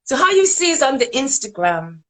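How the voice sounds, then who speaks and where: A woman co-hosting a podcast in casual chat, animated and teasing, swearing casually. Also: sits high, a little fast. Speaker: podcast co-host. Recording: clear background noise.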